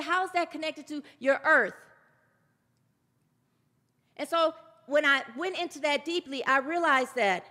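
Woman preaching, high bright voice, emphatic, big reverby hall. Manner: emphatic, calls for congregation response. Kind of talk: sermon.

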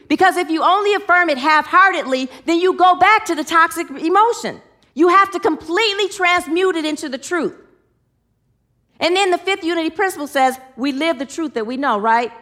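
Woman preaching a spiritual talk, high voice, says things over and over for emphasis. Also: animated, normal speed, pushed and bright. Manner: repeats phrases for emphasis, leads affirmations. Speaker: spiritual teacher.

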